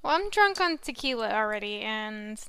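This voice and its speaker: A woman co-host chats casually with a bright, clear tone. Her voice sits a little high and is recorded close and dry. She keeps telling a spooky legend while slipping into giggly, rambling side stories. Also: big pitch swings, normal speed. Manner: giggly, chatty, rambling asides. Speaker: podcast co-host.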